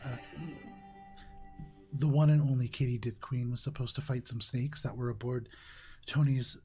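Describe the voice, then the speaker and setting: A man voicing a skeptical female alien agent for a casino, speaking in a dry, quiet, measured way. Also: medium pitch, fairly even intonation, slightly rough, soft background music.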